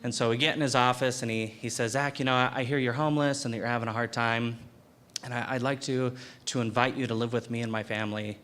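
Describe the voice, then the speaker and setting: A man's voice: mid-range voice, steady tone, a bit bright. Earnest young man giving testimony. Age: young adult. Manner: earnest, halting, with frequent repeated words. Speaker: student speaker. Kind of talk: personal testimony. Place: university chapel.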